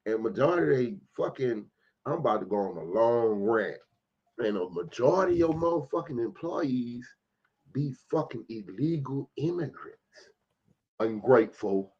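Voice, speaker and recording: A man delivers a heated, profanity-laced rant to his camera with a mid-pitched voice. He swings between clipped bursts and drawn-out emphasis. The recording sounds dull and lo-fi. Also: animated, husky. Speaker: vlogger commentator. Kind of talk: ranting commentary.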